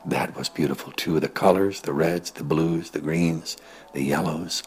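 A man telling an improvised story in a rambling, gentle way that sometimes drops to soft, near-whispered words. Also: extremely low pitch, steady tone, measured pace, a little hiss or hum.

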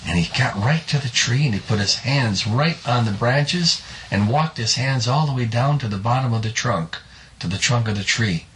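A man's voice: mid-range voice, fairly bright tone, slight background noise. Folksy male storyteller. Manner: folksy, drawn-out, with sound effects. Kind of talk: spoken storytelling.

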